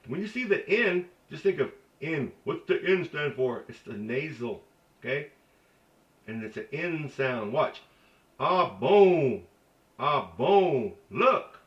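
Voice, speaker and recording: A man's voice: expressive, measured pace. Folksy man teaching sounds in a roomy recording. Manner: folksy, chatty, demonstrates sounds repeatedly. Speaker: language teacher. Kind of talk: informal language lesson. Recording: roomy, distant, dull low-fi sound.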